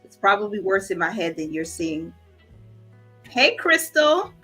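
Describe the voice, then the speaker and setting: A woman's voice: medium pitch, sing-song, unhurried, slightly rough, soft background music. A woman hosting a budgeting livestream, chatting casually with viewers and greeting them by name. She is emotional and trying to hold back tears. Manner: warm, encouraging, reads viewer comments aloud. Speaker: budgeting channel host.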